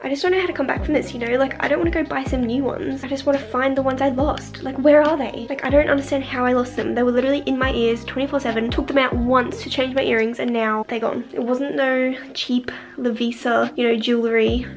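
A woman chats into her phone camera at home, sarcastic and rambling, with plenty of filler words. Her voice sits high. Music plays clearly underneath her. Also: steady tone, fast, hardly any pauses. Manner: chatty, ironic, many "like" fillers. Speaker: vlogger. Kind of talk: casual vlog chat. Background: background music.

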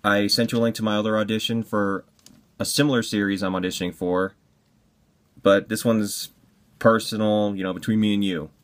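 A man with a very low voice chatting through a voice audition at home. He rambles in a relaxed way and keeps his voice down. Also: fairly quick. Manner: relaxed, rambling, kept quiet. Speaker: voice actor auditioning. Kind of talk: casual audition talk. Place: home at night.

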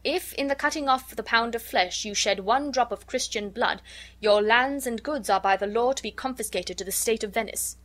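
A woman reading the lines of a young woman posing as a wise counsellor, grave and measured, in a storybook. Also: fairly high pitch, fairly bright tone, lightly acted.

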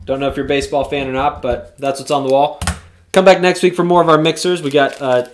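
Excitable man hosting a card break. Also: fairly high pitch, fast talker, a little hiss or hum. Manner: excitable, whoops at big hits; reads player names off cards. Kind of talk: live card break commentary.

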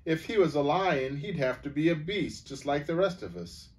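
A man's voice: a little high, lively intonation, moderate pace, voice pushed up, close to an everyday voice. A man voicing a proud, boastful male talking horse who lectures pompously, in a storybook read-aloud. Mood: lecturing, pompous.

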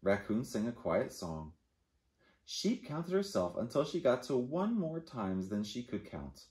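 A man, a children's librarian, reading a picture book aloud to kids in an animated, playful way. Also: mid-range voice, unhurried. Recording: echoey room.

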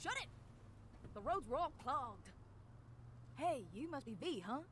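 A woman's voice: high-pitched, lively intonation, measured pace, very noisy. An actress playing a brash, boastful young woman gunsmith who teases others sassily. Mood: cocky. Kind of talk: game cutscene acting. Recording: game music playing behind.

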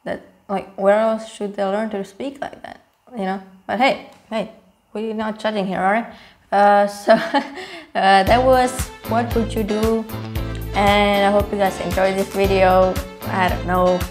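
A woman's voice: mid-range voice, little pitch movement, measured pace. Woman host, casual reaction chatter over faint music, exclaims and laughs.

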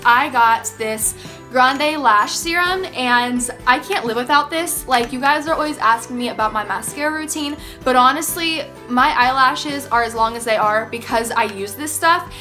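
Gushing high bright young woman. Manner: gushing, gasping, easily thrilled. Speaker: beauty vlogger. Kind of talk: excited casual vlog talk.

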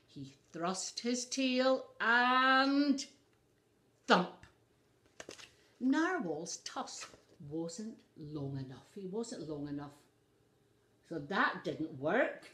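A woman's voice: medium pitch, a bit bright. A woman reading a picture book aloud to children, adding asides for young listeners. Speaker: storyteller.

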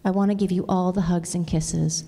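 A big storybook rabbit comforts its little one in a soft, near-whispered, apologetic voice, as a woman reads it out. The tone is low, mellow and a little gravelly. It carries a long hall reverb. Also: steady tone, brisk. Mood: tender. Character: big parent rabbit, tender, apologetic, steady.

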